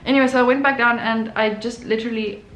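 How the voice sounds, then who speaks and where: A woman's voice: on the high side, fairly even intonation, quick pace, a bit bright. A young adult woman, an artist hosting her own channel, telling a personal story in a chatty way with many fillers and restarts. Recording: echoey room with faint noise.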